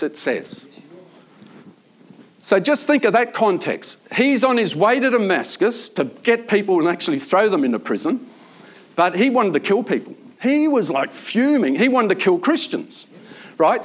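A man's voice: on the high side, expressive, normal speed. A man speaking as a prison chaplain in an informal faith talk, telling stories earnestly and rambling with many fillers.

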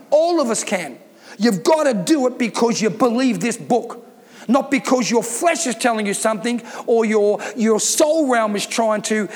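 A man's voice: high voice, in a large hall. A man preaching a sermon as pastor, emphatic and given to repeating his points. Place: church.

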